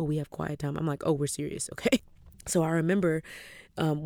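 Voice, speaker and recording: A woman in her thirties, a podcast host telling a personal story in a chatty, animated way, often calling her listeners y'all. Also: low voice, no echo, studio quality. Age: 30s. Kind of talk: casual storytelling.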